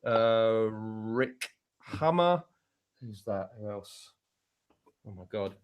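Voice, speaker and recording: A man's voice: on the low side, animated, drawn-out words, clear, resonant tone, lo-fi sound. A man from the United Kingdom with an English accent, telling long rambling stories in a casual panel chat, often restarting his sentences. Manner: rambling storytelling with many restarts. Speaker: panel guest, musician.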